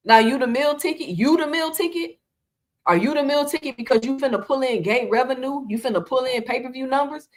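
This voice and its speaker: Woman, sports commentary host, pointed rhetorical questions, somewhat high voice. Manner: animated, rapid-fire rhetorical questions. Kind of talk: casual reaction commentary.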